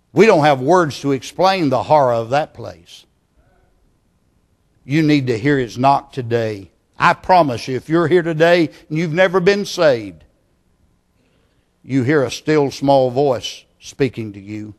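A pastor preaching a sermon in a church, earnest and pleading, often dropping to a hushed tone. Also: male voice, mid-range voice.

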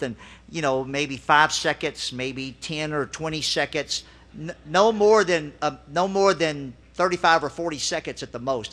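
Bright-voiced middle-aged man preaching. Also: on the high side. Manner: conversational storytelling, acting out his own quoted lines. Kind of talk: personal story in a sermon.

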